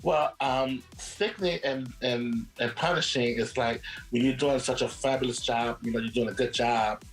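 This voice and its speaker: A man's voice: mid-range voice, fairly even intonation, normal speed, faint music behind. A man who directs drag shows, talking with sassy exclamations in an interview. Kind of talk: documentary interview. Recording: roomy echo.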